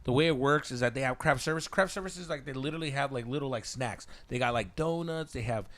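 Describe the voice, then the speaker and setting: A man's voice: mid-range voice, fast. A man telling a story on a podcast, swearing freely and dropping Spanish slang. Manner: profane, animated, slips into Spanish slang. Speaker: podcast host. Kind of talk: casual storytelling chat.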